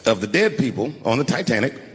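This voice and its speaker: A man in his forties doing a stand-up comedy set, telling stories and dropping his voice low for quoted lines. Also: sing-song, fast, heavy background noise. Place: large live venue. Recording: echoey large venue with loud ambience.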